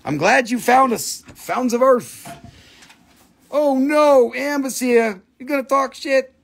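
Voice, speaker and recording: A man's voice: extremely high pitch, takes it slowly, vocal fry, a bit bright. A man hosting a live mineral sales stream, joking and swearing freely in broken English. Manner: broken, non-native English grammar.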